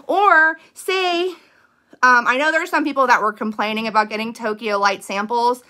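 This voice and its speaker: Upbeat young woman seller, bright and fairly high voice, rambling chatty delivery full of fillers. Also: normal speed. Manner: upbeat and eager. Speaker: direct seller giving business tips. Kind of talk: casual talk to camera.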